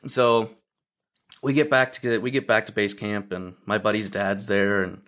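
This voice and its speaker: A man's voice: on the low side, unhurried. A man from Ontario, a podcast guest, telling a hunting story in casual chat over a video call and acting out the lines of the people in it. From Ontario, Canada. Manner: lively storyteller who acts out other people's quotes.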